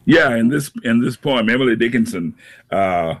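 A man hosting a casual poetry talk, pausing often with many fillers. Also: medium pitch, expressive. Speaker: radio poetry show host. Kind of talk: casual chat.

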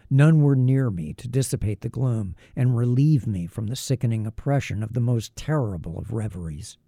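Grave gravelly male audiobook narrator. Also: mid-range voice, warm tone, dry recording. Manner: measured, grave, literary reading. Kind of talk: first-person novel narration.

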